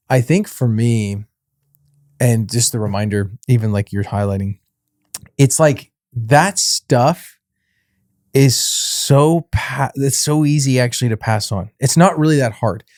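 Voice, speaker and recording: Middle-aged man, podcast co-host, lively storyteller, acts out voices, dry close sound. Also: mid-range voice, measured pace, dry recording. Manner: animated storyteller, acts out dialogue, laughs often. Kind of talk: casual faith podcast storytelling.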